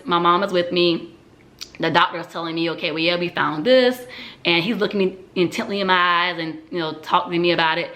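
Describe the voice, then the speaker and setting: In a personal testimony talk, a woman candidly shares her own experience, telling it reflectively with frequent "um"s. Her voice is fairly low in pitch, bright, and forceful.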